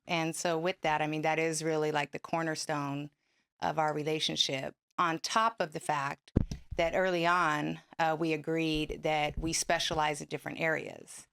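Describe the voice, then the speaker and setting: A woman co-hosting a couples podcast, talking in a measured, reflective, analytical way. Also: low voice, little pitch movement, vocal fry, fairly bright tone, clean tone. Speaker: podcast co-host. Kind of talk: casual couple's podcast chat.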